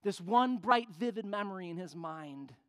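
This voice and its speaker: A man preaching a sermon, telling a story with animated voices for the people in it. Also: high voice, normal speed, clear, resonant tone. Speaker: pastor. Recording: long hall reverb.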